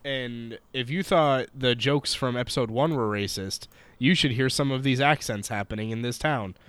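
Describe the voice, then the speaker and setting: A man's voice: mid-range voice, normal speed, fairly bright tone, clean tone. A man co-hosting a podcast, recapping a show in casual chat, profane and jokey, laughing often. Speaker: podcast co-host.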